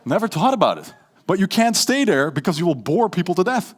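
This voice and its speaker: A man with a Dutch accent giving a lively stage talk on public speaking, playful and shifting between loud and hushed delivery. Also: high-pitched, a little fast, breathy edge. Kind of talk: live keynote talk with audience interaction.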